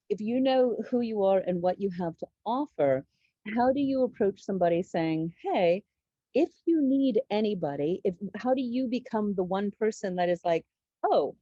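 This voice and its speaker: Woman hosting a panel, rambly and chatty, mellow low voice, muffled lo-fi audio. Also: no room sound. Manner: chatty, thinks aloud with restarts. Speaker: panel host.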